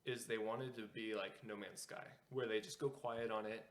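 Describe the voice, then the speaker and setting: Lower-voiced man explaining his views. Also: fairly even intonation, moderate pace. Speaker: podcast co-host. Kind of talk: casual chat.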